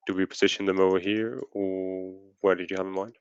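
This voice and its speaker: A man leading raid tactics over voice chat, measured and hedging as he thinks aloud. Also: deep voice, little pitch movement, clear, resonant tone, dry recording, lo-fi sound. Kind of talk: casual voice chat strategy talk.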